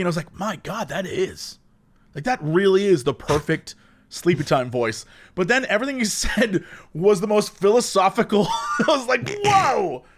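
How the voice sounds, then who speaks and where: A young man co-hosting a podcast, chatting casually and acting out the voices in his stories. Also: high-pitched. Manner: animated storytelling with mimicked voices. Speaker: podcast co-host. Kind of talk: casual chat.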